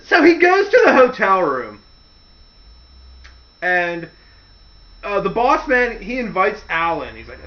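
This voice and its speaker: A man's voice: high-pitched, huge pitch swings, takes it slowly, pauses often, fairly bright tone. A man telling a wrestling story in a casual monologue, acting out the quotes with mocking voices. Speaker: wrestling commentary host. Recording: dull lo-fi audio.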